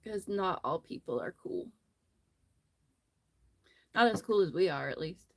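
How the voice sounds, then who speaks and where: A woman's voice: on the low side, animated, unhurried, no room sound. A woman hosting a casual crochet livestream from her phone, telling a rambling, friendly story as she works. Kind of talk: casual chat while crocheting.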